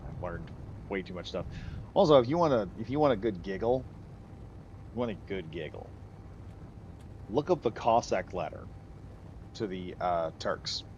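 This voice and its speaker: A man's voice: deep voice, lively intonation, moderate pace, long pauses, a little mellow, highs cut off, a little hiss or hum. A man from the United States giving rambling, chatty commentary while streaming a game, laughing easily. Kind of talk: casual gameplay commentary.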